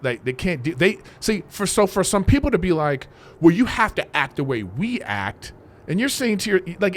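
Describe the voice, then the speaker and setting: A man appearing as a comedian guest on a podcast, talking in casual chat, emphatic and swearing freely. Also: high-pitched.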